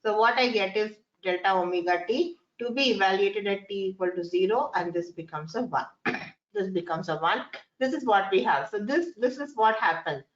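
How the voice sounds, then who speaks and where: A woman's voice: mid-range voice, sing-song, normal speed. Woman, lecturer, repeats phrases, asks questions, echoey room, dull sound. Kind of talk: classroom lecture.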